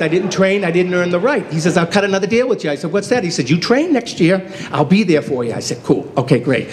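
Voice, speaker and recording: Man in his fifties telling funny stories. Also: a little high. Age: 50s. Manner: self-deprecating, acts out quoted dialogue. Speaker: award inductee giving acceptance speech. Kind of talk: humorous storytelling speech. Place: hotel banquet hall.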